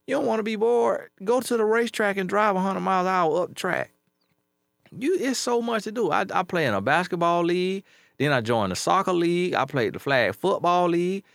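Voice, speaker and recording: A man's voice: sits high, lively intonation, brisk, gravelly, fairly bright tone, dry recording, clean studio sound. A man who works as a life coach, talking casually and bluntly, hammering points home by repeating them. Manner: emphatic, repeats key phrases, blunt street-talk advice. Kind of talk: casual advice commentary.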